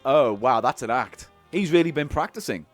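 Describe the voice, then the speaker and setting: A man's voice: mid-range voice, lively intonation, moderate pace, faint music behind. A man co-hosting a comedy podcast, teasing and heckling his partner with playful asides. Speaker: podcast co-host. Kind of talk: casual comedic chat.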